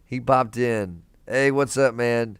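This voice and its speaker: A man's voice: mid-range voice, slow pace, smooth, no echo. A young man hosting a casual live stream from a hospital room, chatting laid-back with viewers and calling them man and brother.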